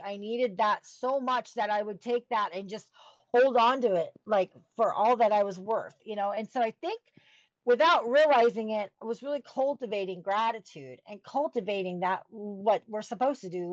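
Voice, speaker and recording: A middle-aged woman telling her story as a podcast guest, earnest and halting as she searches for words. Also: mid-range voice, no echo, highs cut off. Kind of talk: personal storytelling in an interview.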